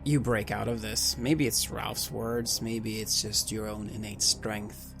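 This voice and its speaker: A man acting as game master, calmly narrating scenes of a tabletop horror game to his players. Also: on the low side, gravelly, music in the background. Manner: measured, describing scenes to players.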